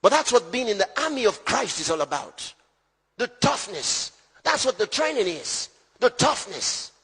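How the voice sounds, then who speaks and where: A man preaching a sermon as pastor, emphatic, swinging between loud shouts and low hushed lines. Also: very animated, moderate pace, husky, in a large hall.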